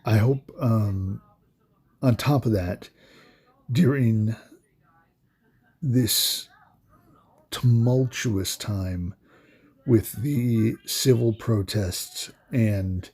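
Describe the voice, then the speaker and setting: A man commentating on a card game in a halting, soft-spoken way, with many pauses and fillers. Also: on the low side, slightly rough. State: emotional, voice breaking. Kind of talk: casual gameplay commentary.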